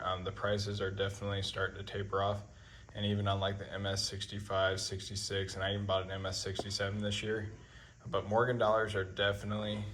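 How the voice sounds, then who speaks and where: A man hosting a coin-collecting video channel, talking casually to camera in a relaxed, rambling way, with many ums and uhs. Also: on the low side, a little hiss or hum.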